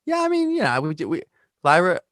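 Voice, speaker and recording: A man's voice: sits high, huge pitch swings, a little fast, fairly bright tone, no room sound, studio quality. A man, a singer-songwriter, talking as a podcast guest in a laid-back way, laughing and acting out the people he describes. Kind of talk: casual conversation. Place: New York.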